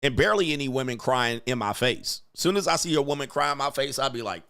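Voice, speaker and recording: A man's voice: mid-range voice, animated, fairly quick, hardly any pauses, sharp tone, dry recording, studio quality. Blunt, profane male commentator. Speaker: commentary host and coach. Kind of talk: reaction commentary.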